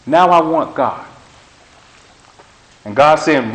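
Preacher guy, middle-pitched voice, punchy repeated lines, lots of room echo. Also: moderate pace, a bit bright. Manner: emphatic, repetitive preaching cadence. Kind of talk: sermon. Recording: roomy echo.

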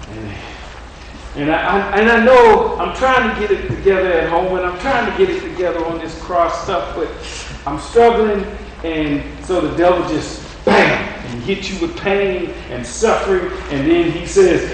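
A man's voice: a little high, measured pace. A male preacher giving a folksy, repetitive, encouraging sermon. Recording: very echoey room, distant mic, faint noise.

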